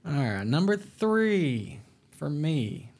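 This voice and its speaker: Very low-voiced blunt woman. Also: sing-song, slow pace, a little mellow, husky. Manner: blunt, swears casually, dry humor. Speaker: podcast co-host. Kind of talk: casual chat.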